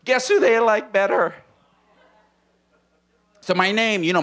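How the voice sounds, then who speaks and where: A stand-up comedian from Hawaii performing in a small comedy room on a handheld stage mic, playful and animated, often dropping into silly voices. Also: male voice, measured pace, long pauses. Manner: animated, playful, slips into character voices and movie-trailer deep voice.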